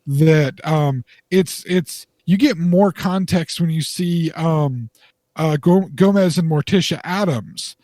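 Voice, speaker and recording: A man explains his point on a casual podcast, measured and steady, with fillers as he thinks. His voice is a touch high for a man. He is recorded close up and dry, with no echo. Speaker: podcast co-host.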